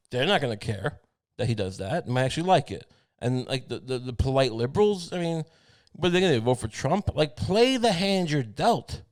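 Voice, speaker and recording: A man's voice: mid-range voice, dry recording, studio quality. A man hosting a comedy podcast, ranting in a profane, rambling way full of restarts. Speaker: podcast host. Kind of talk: casual comedic rant.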